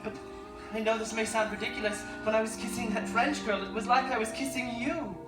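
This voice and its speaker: A woman's voice: fairly high pitch, steady tone, brisk, lightly acted. Stage role: a woman as a lovesick young groom, earnest and pleading, distant in an echoey theater with music.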